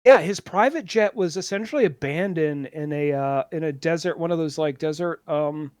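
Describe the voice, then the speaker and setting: A man co-hosting a casual podcast, joking deadpan and tripping over restarts and fillers. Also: on the high side, normal speed, dry recording, clean studio sound. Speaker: podcast co-host.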